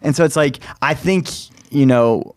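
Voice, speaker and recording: A young man talks casually on a faith podcast for students. His voice sits at a middle pitch and is recorded dry and close. He rambles, restarts his sentences often and laughs loudly when something amuses him. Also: measured pace, clean tone, no room sound. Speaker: youth ministry podcast host. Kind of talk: casual chat.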